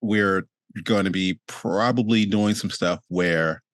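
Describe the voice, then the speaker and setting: A man's voice: low-pitched, takes it slowly, no room sound. A man hosting a casual interview, playful and rambling as he asks his guest questions. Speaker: host.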